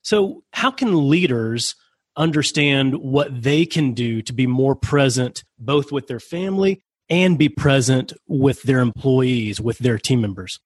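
A man's voice: medium pitch, lively intonation, unhurried, breathy edge, no echo. A man hosting an interview, affirming his guest and asking thoughtful questions. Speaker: interview host. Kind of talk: interview conversation.

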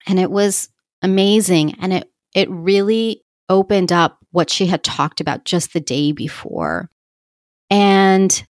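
A woman's voice: fairly low pitch, no echo, clean studio sound. A woman coach speaking in a reflective solo podcast monologue, heartfelt and effusive, laughing often and using many fillers.

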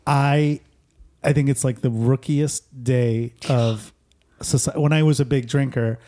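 Male host from Chicago, relaxed warm tone, playful interviewer. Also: medium pitch, measured pace. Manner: joking, asks guest questions. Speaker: podcast host. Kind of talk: casual chat.

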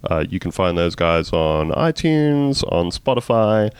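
Man, podcast host, casual chat, jokey, low voice, animated. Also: a little slow, clean tone, no echo. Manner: jokey, reads news aloud with asides.

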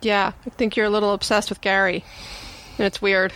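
A woman's voice: mid-range voice, flat delivery, brisk, a bit bright, slight background noise. A woman playing a tabletop game who talks in a playful, argumentative way. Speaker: player.

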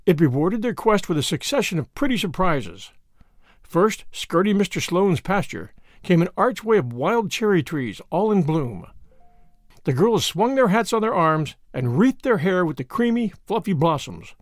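A man reading a story aloud as narrator, in an expressive storytelling manner. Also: high-pitched, normal speed, no room sound, studio quality. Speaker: audiobook narrator. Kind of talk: scripted narration.

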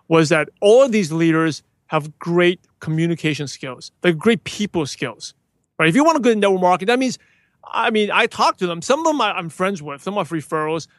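A man as a guest in a casual interview, talking enthusiastically and acting out greetings with animated emphasis. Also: a little high, a little fast, no echo. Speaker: podcast guest, podcaster.

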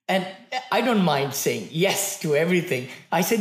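A man's voice: a little high, animated, moderate pace, echoey room. A man in his sixties from India with an Indian accent, a cheerful guest who laughs often in casual chat.

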